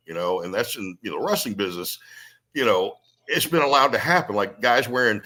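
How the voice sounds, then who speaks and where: A young adult man, a pro wrestler, telling stories in casual, profane, animated chat. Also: fairly low pitch.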